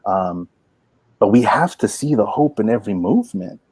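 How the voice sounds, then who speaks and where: A man in his forties, a poet and workshop teacher, telling stories in an animated, folksy way full of "like" and "you know". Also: lowish voice, normal speed, slightly rough, dry recording. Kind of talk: inspirational storytelling talk.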